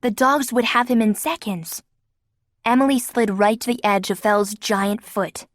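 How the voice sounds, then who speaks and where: A woman's voice: a little high, fairly even intonation, a little slow, dry recording, studio quality. A woman narrating an audiobook with a vivid, dramatic reading. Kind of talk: scripted narration.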